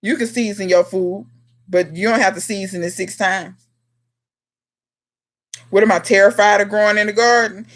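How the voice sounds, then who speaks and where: Speaking at normal speed in a steady, mid-range voice with long pauses, a home gardener runs a casual live question-and-answer stream. Viewers get addressed by name and playfully told off.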